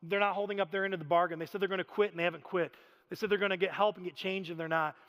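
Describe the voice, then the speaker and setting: High-voiced pastor in a reverberant hall. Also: male voice, steady tone, rapid-fire, a bit bright. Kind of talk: storytelling sermon. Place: church sanctuary.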